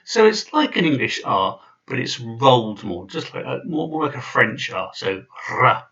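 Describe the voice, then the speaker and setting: A man's voice: medium pitch, big pitch swings, normal speed, vocal fry, a bit bright, far from the mic, muffled recording. A man giving an informal video lesson, chatty and full of fillers and restarts. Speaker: language teacher.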